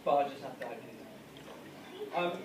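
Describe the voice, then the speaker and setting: A man's voice: medium pitch, huge pitch swings, measured pace, darkish tone, slight background noise. A man speaking as best man at a wedding, saying he is nervous. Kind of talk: speech at a wedding reception. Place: wedding reception hall. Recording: echoey hall from far off.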